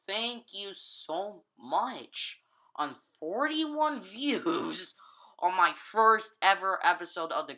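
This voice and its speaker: Talking over a basketball video game, this YouTuber has a fairly high voice that sounds pushed and bright, with a clean tone despite the low-quality recording. He's a bit tired and yawning, and his casual commentary rambles, stalls, and self-corrects.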